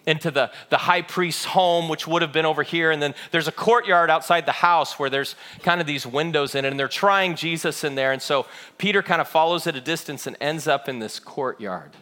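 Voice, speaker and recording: A pastor preaches a sermon, telling the story dramatically and shifting between loud, quick passages and hushed, slow ones. His voice is on the high side.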